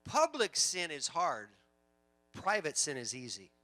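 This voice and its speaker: A male pastor preaching a sermon, swinging from loud emphatic lines to quiet storytelling, with chatty asides and repeated words. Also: fairly high pitch, big pitch swings, moderate pace.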